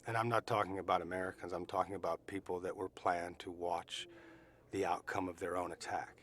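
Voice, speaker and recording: A middle-aged man giving eyewitness testimony, telling his story earnestly and emphatically, with pauses and restarts. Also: low-pitched, level tone, fairly bright tone, slight background noise. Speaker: eyewitness recounting events.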